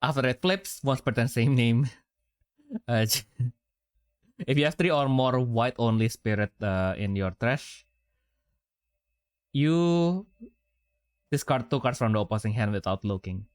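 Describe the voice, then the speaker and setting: A man co-hosting a casual gaming podcast, reading card effects out loud in a halting way, with many fillers and self-corrections. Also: medium pitch, smooth, dry recording, clean studio sound. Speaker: podcast co-host.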